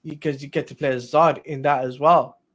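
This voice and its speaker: A man co-hosting a laid-back film discussion, with a voice pitched slightly high. He speaks haltingly, filling gaps with fillers and trailing off before finding his words. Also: steady tone, fairly bright tone. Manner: hesitant, lots of fillers and trailing pauses. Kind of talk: casual movie discussion.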